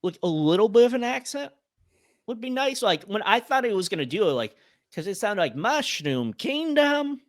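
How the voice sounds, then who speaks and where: An excitable man from Ireland chatting casually with friends on a podcast. His speech swings widely in pitch, sits a bit high for a man, and is recorded close and dry. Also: brisk, dry recording. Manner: animated, full of filler and quoted voices. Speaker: podcast panelist. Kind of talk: casual chat.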